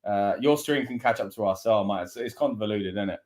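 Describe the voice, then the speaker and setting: A man with a Scottish accent co-hosting a live wrestling watch-along, talking casually and breaking into excitable reactions. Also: fairly low pitch, a little fast. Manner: excitable, bursts into loud reactions.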